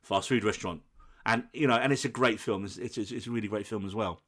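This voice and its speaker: A man co-hosting a film podcast, telling a scene with lively, acted-out quotes. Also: lowish voice, quick pace. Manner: animated storytelling, acts out quoted lines. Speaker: podcast co-host. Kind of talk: casual film chat.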